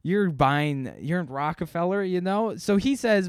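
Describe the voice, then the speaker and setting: A man's voice: high-pitched, expressive, a little slow, clean tone, no echo, clean studio sound. Rambling, profane male storyteller. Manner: rambling, self-deprecating, profane, many fillers. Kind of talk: casual storytelling.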